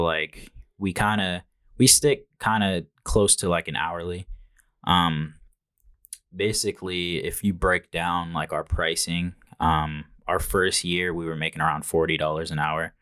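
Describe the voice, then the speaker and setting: Very deep-voiced young man, calm and plain. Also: clean tone, no echo, clean studio sound. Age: young adult. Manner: calm, plain-spoken, many ums and likes. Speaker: guest, small business owner. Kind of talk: casual interview.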